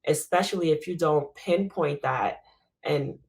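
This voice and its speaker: A woman's voice: low-pitched, a little slow, darkish tone. A woman in casual podcast chat, reflective and earnest, often saying "you know".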